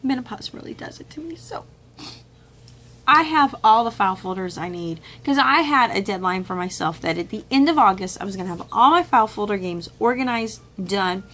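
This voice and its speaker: A woman's voice: mid-range voice, moderate pace, slight background noise. A middle-aged woman vlogging at home about homeschool books she picked up, talking casually and acting out the voices of people she quotes. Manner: chatty and animated, acts out quoted voices with laughs and whispers. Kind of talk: casual chat, showing a curriculum haul. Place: home room with children nearby.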